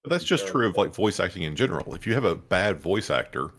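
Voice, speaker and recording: Deep-voiced man explaining his opinion. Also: very animated, fast talker, fairly bright tone, husky. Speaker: player. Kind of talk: casual chat between tabletop players.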